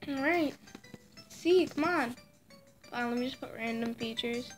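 A woman's voice: fairly high pitch, measured pace, soft background music. A woman chatting casually while she plays a game, cooing to a little pet as she goes. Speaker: vlogger. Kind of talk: casual gameplay chat.

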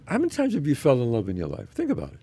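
A middle-aged man, a podcast guest, telling stories in a casual chat, animated and often restarting his sentences. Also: mid-range voice, very fast, breathy edge, dry recording. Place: podcast studio.

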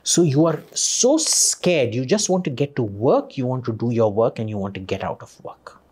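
A man's voice: mid-range voice, very animated, normal speed, darkish tone, husky. A man, a podcast guest talking in a blunt, scornful and profane way. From India. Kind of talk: opinionated conversation.

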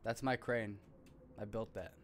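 A man's voice: lowish voice, fairly even intonation, a little slow, a little hiss or hum, natural voice. A man voicing a cocky male architect with a put-on Boston Italian accent, showing off his own buildings. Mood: boastful.

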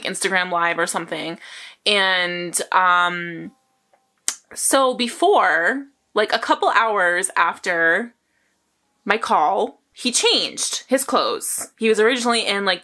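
A woman's voice: mid-range voice, sharp tone. A young woman vlogger telling a story to her viewers in a casual, rambling way, with lots of fillers and bursts of laughter.

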